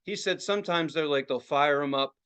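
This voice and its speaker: A man co-hosting a podcast, telling a story in casual, excitable, profane chat. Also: on the high side, brisk, clear, resonant tone. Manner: profane, excitable, acts out other people's reactions. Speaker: podcast co-host.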